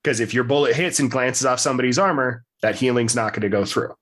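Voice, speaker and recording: Casual game master. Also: male voice, mid-range voice, quick pace, fairly bright tone. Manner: casual, swears freely, laughs between points. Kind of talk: explaining rules and narrating a tabletop game.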